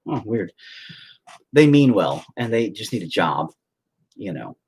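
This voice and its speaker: A man's voice: fairly low pitch, sing-song, unhurried, darkish tone, slightly rough. A man chatting casually on a phone livestream from home, rambling and swearing freely as he tells stories. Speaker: livestreaming painter.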